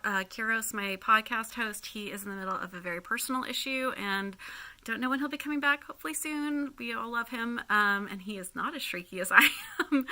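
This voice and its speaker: A woman hosting her podcast in a casual solo update, rambling and apologetic with many fillers, laughing often. She is in chronic pain, and her voice turns high and shrieky. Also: pushed and bright. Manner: laughs often while talking. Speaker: podcast host.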